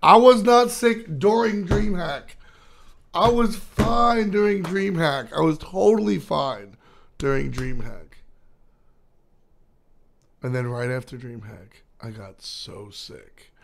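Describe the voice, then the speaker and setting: A young man with a hoarse, still-recovering voice, rambling casually to his stream chat, with lots of fillers. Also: sits high, slow, pauses often. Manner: rambling, filler-heavy storytelling. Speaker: esports caster streaming to chat.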